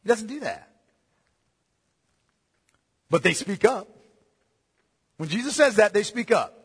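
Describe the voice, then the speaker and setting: Slowly and animatedly, a male pastor preaches, his lively, high, bright voice carrying a touch of huskiness as it dips to a hush and rises to ringing heights. He calls listeners beloved, and the sanctuary adds a long reverb.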